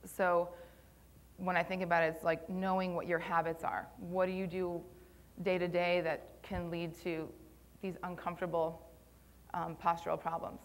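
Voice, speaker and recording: In a conference room, a young woman gives a live talk on posture and Pilates, speaking at a moderate pace in a lowish, level voice. She's conversational and a little nervous, filling her speech with plenty of ums.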